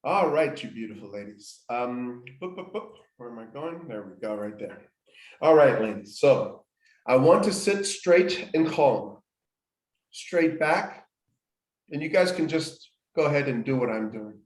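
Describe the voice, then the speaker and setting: A man guides a healing exercise step by step, repeating phrases and restarting sentences as he goes. His voice sits at an ordinary middle pitch. The room around him rings with noticeable echo. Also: animated, measured pace. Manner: step-by-step, repetitive, frequent restarts. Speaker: healing workshop host. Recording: echoey room.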